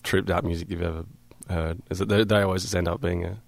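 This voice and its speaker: Australian man, guest musician, low pitch, dry close studio sound, loose and rambling. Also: level tone, fast talker, creaky, no room sound. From Perth, Australia. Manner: laid-back, rambling, many fillers and laughs. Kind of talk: casual radio interview. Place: radio studio.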